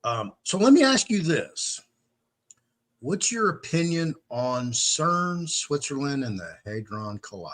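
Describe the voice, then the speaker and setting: This is a man hosting a podcast in casual storytelling mode. His voice is bright and his pitch swings widely. He curses freely and acts out other people's lines as he goes. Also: measured pace. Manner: animated, swears freely, acts out quotes. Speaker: podcast host.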